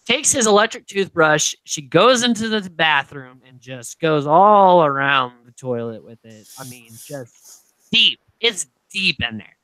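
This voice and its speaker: Animated young woman recapping, lively pitch. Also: unhurried, dry recording, poor audio. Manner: animated storytelling, acts out quotes, laughs often, swears casually. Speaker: podcast co-host recapping a reality show. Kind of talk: casual chat.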